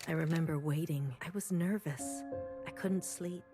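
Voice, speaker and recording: A woman plays a haunted figure who looks back on obsession in a low, quiet voice. She speaks softly and inward, often close to a whisper. Loud game music plays behind her. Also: moderate pace, natural voice. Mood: brooding. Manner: quiet, introspective, half-whispered. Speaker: game character. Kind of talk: video game voice acting.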